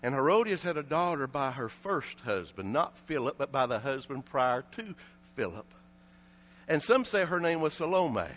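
A man with an Appalachian accent preaching a sermon, telling the story dramatically, swinging between shouting and low hushed tones. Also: sing-song, moderate pace.

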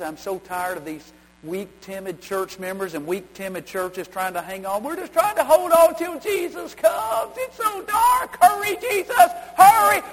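A pastor preaching a sermon, telling a story in a folksy way and rising to shouting. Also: male voice, fairly high pitch. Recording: hall reverb, faint hum.

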